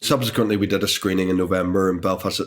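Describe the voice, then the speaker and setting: A man's voice: deep voice, fairly even intonation, quick pace. A man in his thirties with a Northern Irish accent, chatting animatedly as an actor guest over lunch, often repeating words as he thinks. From Northern Ireland. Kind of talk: casual interview chat. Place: indoors over a lunch table.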